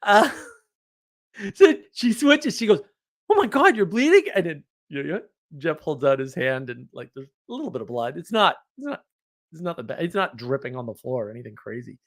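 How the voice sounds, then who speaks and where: A man casually telling a story from his week, animated, laughing often and restarting his sentences. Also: mid-range voice, normal speed. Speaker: podcast host.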